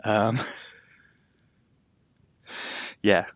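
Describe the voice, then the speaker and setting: A man's voice: sits low, normal speed, vocal fry, a bit bright, dry recording, dull audio. A young man with a slightly posh Yorkshire accent, chatting rambly on a game live stream and laughing often. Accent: Yorkshire, somewhat posh. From England, Yorkshire. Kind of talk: casual live-stream chat.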